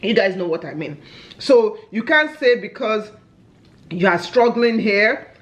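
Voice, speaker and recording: A woman from Nigeria with a Nigerian English accent, chatting as a family vlogger while eating on camera, a lively storyteller who exclaims often. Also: medium pitch, unhurried, muffled recording.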